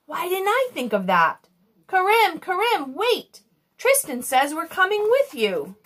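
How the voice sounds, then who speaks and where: A woman's voice: fairly high pitch, very animated, a bit bright. A woman voicing a bold, eager eight-year-old girl in a read-aloud children's story. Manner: eager, talks fast and a little cross.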